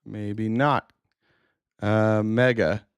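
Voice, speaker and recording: A man's voice: lowish voice, little pitch movement, very slow, clean tone, no echo. A man hosting a live stream, chatting casually in a blunt, joking way and swearing now and then.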